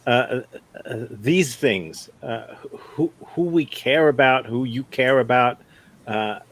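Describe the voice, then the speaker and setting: A male improv teacher giving feedback after a scene. He speaks slowly and thoughtfully, pausing and restarting often in a mid-pitched voice. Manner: thoughtful, halting, with many restarts.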